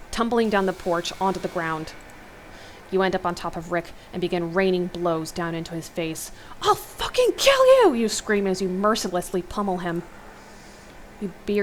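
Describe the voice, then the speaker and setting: A woman host reading an interactive horror novel aloud, steady narration with exclaimed asides. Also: on the low side, slight background noise. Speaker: let's play host.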